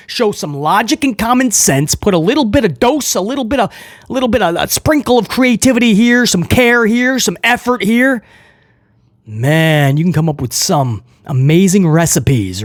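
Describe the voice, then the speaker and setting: A man's voice: high-pitched, no room sound, clean studio sound. A man reviewing a wrestling show, ranting with frustration in an emphatic, opinionated way.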